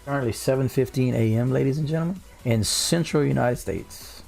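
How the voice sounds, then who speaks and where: A laid-back man from South Louisiana with a clear Cajun accent, talking loosely to his livestream viewers from home. His mid-pitched voice carries a gravelly, creaky edge, and faint music plays underneath. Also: a little fast, darkish tone. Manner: laid-back, reads chat aloud, drawls "y'all". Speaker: livestream host. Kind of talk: casual livestream chat. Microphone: studio mic on a boom.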